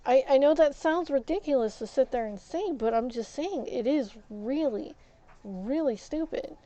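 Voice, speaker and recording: A woman's voice: high voice, animated, normal speed, warm tone, rough recording. A woman streamer venting while playing a game, emphatic and frustrated, often repeating words.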